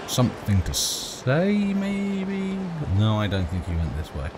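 A man's voice: mid-range voice, wildly swooping pitch, slow pace, background noise. A man casually commentating a video game playthrough with wry humor, reading game dialogue aloud. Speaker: let's play host. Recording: game music under voice.

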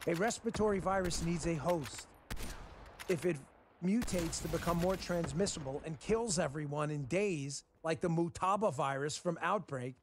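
A man's voice: fairly high pitch, background noise. A man from Texas hosting a show and delivering frustrated, emphatic political commentary that often repeats itself. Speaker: host. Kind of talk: political commentary over gameplay.

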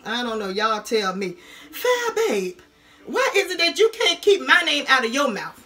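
Woman, high bright voice, taunting roast rant, vlog to camera. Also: big pitch swings. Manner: sassy, taunting, drawn-out "honey" and "girl". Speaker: YouTube vlogger.

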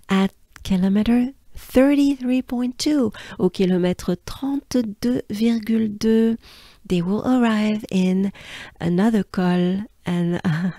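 A woman's voice: mid-range voice, dark tone, no echo, clean studio sound. A woman from France with a French accent, teaching pronunciation patiently and breaking words into syllables. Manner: patient, drills sounds syllable by syllable. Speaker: pronunciation coach. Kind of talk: slow pronunciation lesson.

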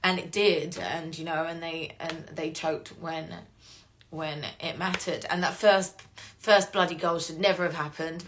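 A woman's voice: lowish voice, fairly bright tone. A woman with an English accent chatting casually to fans on a live-stream Q&A, rambling, swearing freely and getting emotional. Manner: gets emotional and laughs often. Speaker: voice actress hosting a fan Q&A stream.

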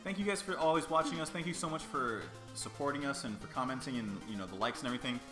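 A young man hosting a casual co-op let's play, excitable and full of playful trash talk. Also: medium pitch, fast talker. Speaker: gaming channel host. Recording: echoey room with game music.

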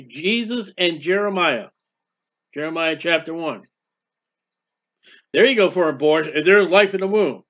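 A man's voice: fairly high pitch, unhurried, long pauses, fairly bright tone, lo-fi sound. A man preaching a sermon, fervent and repetitive, with rhetorical questions and acted-out prayers.

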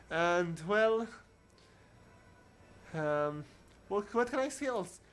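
A man giving casual commentary on a video game playthrough, talking haltingly with many restarts and searching for words. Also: high-pitched, lively intonation, a bit bright, smooth. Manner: reads on-screen dialogue aloud in his own voice. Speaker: video game let's player.

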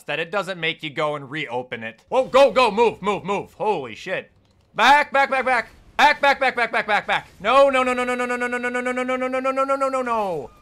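A young man commenting on his own gameplay, swinging between shouted cursing outbursts and low muttered asides. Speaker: gaming YouTuber.

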